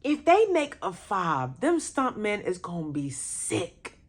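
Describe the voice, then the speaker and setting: A woman's voice: lowish voice, huge pitch swings, takes it slowly. A young woman hosting a casual movie chat, reacting to viewer comments with laughter and exclamations. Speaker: radio host reviewing movies.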